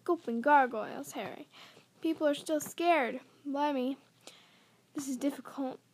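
A woman doing Hagrid, a gruff kindly giant. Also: high voice, measured pace, darkish tone, a little hiss or hum. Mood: earnest. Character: huge gruff kindly male giant groundskeeper.

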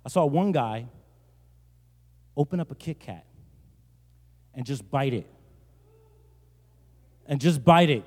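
Joking pastor in a reverberant hall. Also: male voice, mid-range voice, expressive, slow, long pauses. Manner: joking storyteller, builds to loud emphatic bursts. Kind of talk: sermon. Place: large church hall. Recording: long church-hall reverb.

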